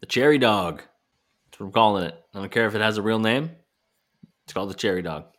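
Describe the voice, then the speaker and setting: A man's voice: on the low side, expressive, fast talker, a bit bright. A man co-hosting a podcast, recapping in a playful, storytelling way. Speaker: podcast co-host. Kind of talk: casual recap chat.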